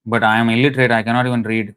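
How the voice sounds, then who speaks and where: A man doing a humble illiterate brahmin, devoted, tearful, earnest and simple in his speech, at an ordinary mid pitch, told as a story within a scripture talk. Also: little pitch movement, racing, a bit bright, clear, resonant tone, natural voice.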